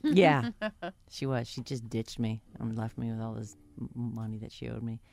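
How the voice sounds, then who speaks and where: A woman co-hosting a podcast in casual chat, telling an anecdote in an animated way with frequent laughs. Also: very deep voice, moderate pace, vocal fry. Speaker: podcast co-host.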